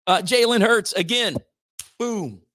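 A man's voice: high voice, lively intonation, slow, a bit bright. A male radio host rambling through sports news in a slangy, casual chat. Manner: rambling, slangy, says dude a lot.

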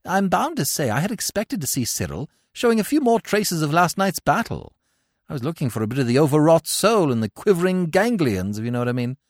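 A man narrating comic fiction for an audiobook, expressive and lively. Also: on the high side, brisk, no echo. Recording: dry close studio sound.

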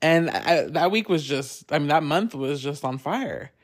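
A podcast host telling a story in a casual solo chat, animated, laughing often and swearing freely. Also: medium pitch, unhurried.

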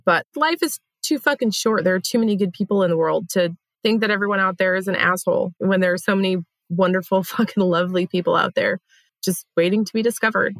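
A woman's voice: mid-range voice, fast talker, a bit bright, no echo. A young adult woman co-hosting a podcast, chatting candidly and swearing freely. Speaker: podcast co-host. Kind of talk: casual chat.

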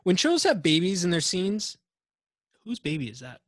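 A man's voice: sits high, big pitch swings, moderate pace, dry recording, clean studio sound. A man hosting a podcast, chatting casually in a joking, rambling way and swearing freely. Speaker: podcast host. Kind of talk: casual chat.

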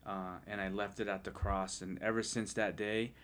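A man with a fairly low voice speaks in an earnest, heartfelt way as a podcast guest. He tells his story in casual chat, often stopping and restarting his sentences. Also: flat delivery, normal speed, fairly bright tone. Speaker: podcast guest sharing testimony.

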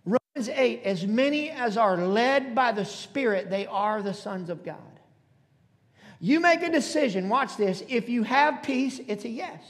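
A man's voice: extremely high pitch, animated, unhurried. A man in his forties preaching a sermon to a congregation, emphatic and calling out to them. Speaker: pastor. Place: church auditorium. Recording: long hall reverb.

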